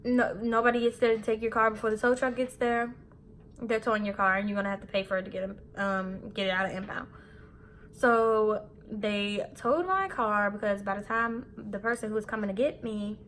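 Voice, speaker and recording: Animated young woman telling a candid story. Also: medium pitch, a little fast, a little hiss or hum. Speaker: beauty vlogger. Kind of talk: storytime vlog while getting ready.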